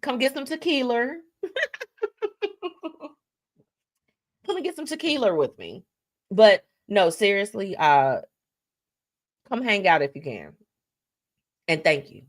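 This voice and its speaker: A woman's voice: mid-range voice, big pitch swings, slow pace, pauses often. A woman hosting her weekly live talk show, chatty and effusive as she gives heartfelt thanks to her guests and viewers. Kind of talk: casual livestream talk show sign-off.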